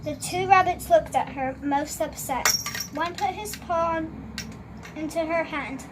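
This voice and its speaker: A high-pitched young reader works carefully through a storybook aloud at home. She halts now and then to correct herself. A faint hiss sits under the recording. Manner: careful, halting, self-correcting.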